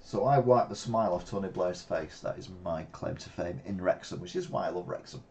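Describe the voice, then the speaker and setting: A man's voice: sits low, brisk, creaky, a little mellow, a little hiss or hum. Man riffing on news headlines. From Britain. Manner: reads headlines then riffs with asides. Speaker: host of a live weekly news show. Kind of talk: casual news commentary.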